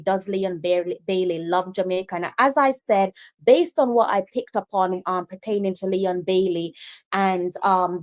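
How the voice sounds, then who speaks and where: A woman hosting a live-streamed football talk show, chatty and emphatic, talking straight to her viewers and repeating herself for stress. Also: medium pitch. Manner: chatty, addresses viewers directly. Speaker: host.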